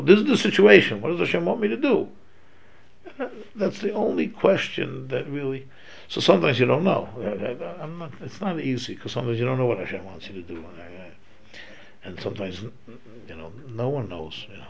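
A man's voice: mid-range voice, gravelly, rough recording. A man giving an informal religious lesson, talking it through conversationally and acting out quoted speech as he explains. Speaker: Torah class teacher.

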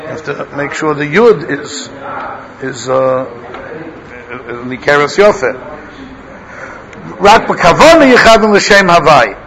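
A man's voice: a little high, lively intonation, slow pace, long pauses, a bit bright, low-quality recording. A middle-aged man teaches a class, chanting Hebrew text and explaining it in casual English asides. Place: classroom with students. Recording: class recording with audience noise.

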